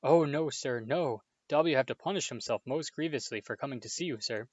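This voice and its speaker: A man voicing a small, excitable, servile male house elf with a high-pitched, tearful, overly humble manner. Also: a little fast, dry recording, lightly acted. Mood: fearful. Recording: dull, dry home recording.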